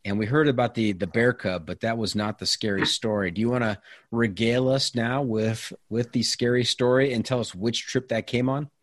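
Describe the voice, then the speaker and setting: A man's voice: medium pitch, fairly even intonation, moderate pace, no room sound, studio quality. A man hosting a podcast, chatting casually with a guest in a playful, teasing way. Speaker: podcast host. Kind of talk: casual interview.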